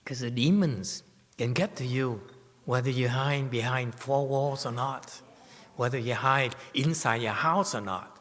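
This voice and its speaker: A man delivering a Buddhist dharma talk in a temple hall, his voice sitting at an ordinary middle pitch. He tells stories with lively swings and keeps asking his listeners rhetorical questions. The sound rings with a long hall reverb. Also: a little slow. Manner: animated storytelling with rhetorical questions. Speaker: Buddhist teacher.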